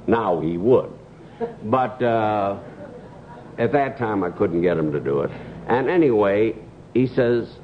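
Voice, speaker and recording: An older man, a guest comedian, telling anecdotes on a talk show with a dry, measured delivery and pauses. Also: fairly low pitch, animated. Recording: dull old TV audio with hiss.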